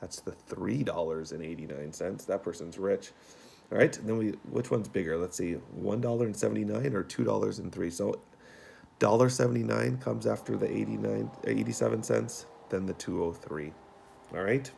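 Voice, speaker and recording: Low gravelly male teacher. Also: normal speed, a little hiss or hum. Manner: relaxed, folksy, with frequent fillers. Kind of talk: remote homework walkthrough.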